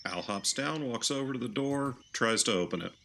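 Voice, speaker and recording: Bright, sarcastic male player. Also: mid-range voice, lively intonation, brisk, a little hiss or hum. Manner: blunt, sarcastic. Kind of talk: casual tabletop banter.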